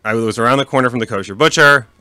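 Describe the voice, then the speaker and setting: A man's voice: medium pitch, racing, pushed and bright, smooth, dry recording, clean studio sound. A man talking casually in an interview about founding his meat business, with many restarts and fillers. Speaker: kosher meat company founder.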